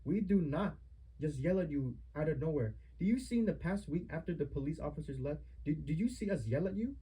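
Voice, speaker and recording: Guy lecturing family at home, stern n repetitive, very mellow dark tone, high voice. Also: animated, brisk, husky, low-quality recording.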